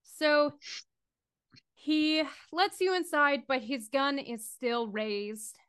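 A woman running a tabletop horror game as game master, narrating with animated, giggly energy. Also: high-pitched, drawn-out words.

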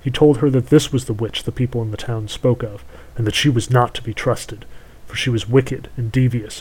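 A man's voice: medium pitch, darkish tone, breathy edge, low-quality recording. Man narrating a fairy tale. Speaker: storyteller. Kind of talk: storybook narration.

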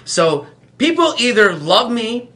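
A young man in casual chat with a friend, chatty and quick to jump in and mimic people. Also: extremely high pitch, big pitch swings, sharp tone. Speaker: comic friend.

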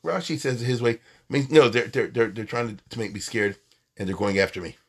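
A man giving an animated, conversational Torah lecture, acting out quoted lines. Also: medium pitch, brisk, husky. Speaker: Torah teacher.

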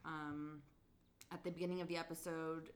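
Chatty low-voiced woman podcast host. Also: level tone, moderate pace. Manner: chatty, laughs often, lots of "like". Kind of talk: casual chat recapping a TV episode.

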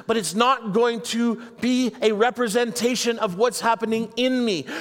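A man preaching a sermon with a fairly high voice. He talks in a chatty, humorous way and acts out the voices he quotes. His words ring out with a long reverb, as in a church hall. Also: a bit bright. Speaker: pastor.

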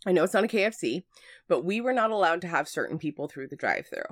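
Woman cohost with a lowish voice, chatty and giggly, dry close mic. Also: big pitch swings, fast talker, no echo. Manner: chatty, laughs easily, tells anecdotes. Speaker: podcast co-host. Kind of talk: casual podcast chat.

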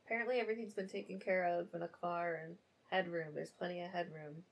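A woman's voice: on the low side, steady tone, quick pace, vocal fry, breathy edge. A woman co-hosting a podcast, commenting bluntly on a film in casual chat, swearing and laughing a lot. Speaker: podcast co-host.

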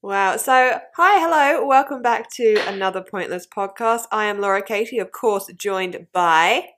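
Woman, podcast co-host, casual banter, lively and easily amused, playfully indignant, middle-pitched voice. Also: a little slow. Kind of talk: casual chat.

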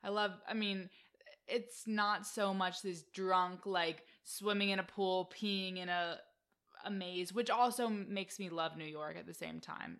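Female co-host, bright and fairly low voice, chatty reality-TV recap. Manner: chatty, animated, quick asides and mock voices. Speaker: podcast co-host. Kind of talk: casual reality-TV recap chat.

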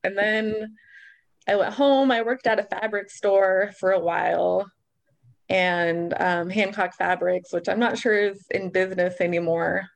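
A woman's voice: mid-range voice, steady tone, a little slow, gravelly. A woman recalling her past in a casual group chat, rambling and chatty.

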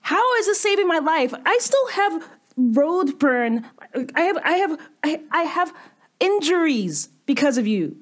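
A woman's voice: high voice, big pitch swings, a little slow, pitched above the performer's own voice. A woman voicing a fussy young woman adventurer who stammers and scolds primly. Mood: indignant scolding.

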